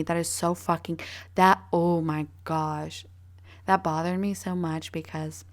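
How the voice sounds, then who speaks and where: A woman's voice: low-pitched, darkish tone. A young woman hosting her own podcast, talking casually and bluntly with lots of swearing and fillers. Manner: blunt, profane, rambling with many fillers. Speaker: podcast host. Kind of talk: casual solo podcast talk.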